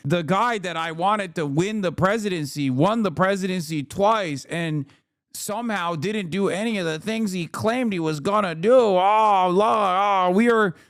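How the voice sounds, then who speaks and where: A man's voice: high voice, unhurried, fairly bright tone, no room sound, studio quality. A man putting on the voice of a whiny, self-pitying male crybaby, complete with mock sobbing. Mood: whining. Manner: mocking whine, sobbing noises.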